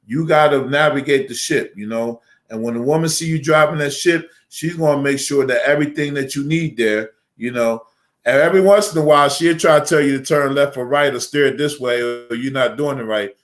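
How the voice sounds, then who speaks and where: A man's voice: mid-range voice, brisk. Folksy joking imam, man. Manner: joking, folksy, many fillers. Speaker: imam on a panel. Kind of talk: casual advice talk.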